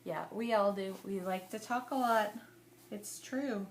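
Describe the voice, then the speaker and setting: A woman's voice: mid-range voice, a little slow, a little hiss or hum. A woman vlogger, maybe in her thirties, chatting casually to the camera in a rambling way and laughing often. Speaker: scrapbooking vlogger.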